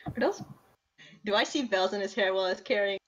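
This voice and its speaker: A woman's voice: mid-range voice, a little fast, a bit bright, lo-fi sound. A woman playing a tabletop game, speaking in a hesitant, playful way. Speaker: player.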